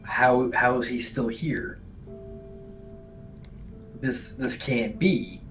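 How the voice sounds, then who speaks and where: A man's voice: medium pitch, fairly even intonation, very slow, a bit bright, far from the mic, faint music behind, rough recording. A man voicing a frantic reptilian adventurer who mumbles in disbelief. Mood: shaken.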